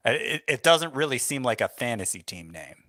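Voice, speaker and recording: A man's voice: mid-range voice, big pitch swings, fairly quick, pushed and bright, no echo, clean studio sound. A man co-hosting a sports podcast in casual chat, making wry, understated remarks. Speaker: fantasy baseball podcast co-host.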